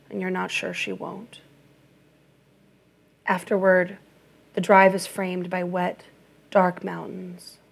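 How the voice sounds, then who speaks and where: Low, gravelly woman narrating. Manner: measured, even, steady. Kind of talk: audiobook narration.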